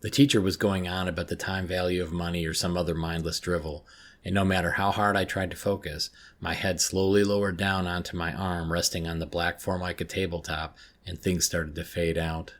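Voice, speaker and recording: A man narrating a first-person horror story in a measured, tense way. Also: low-pitched, little pitch movement.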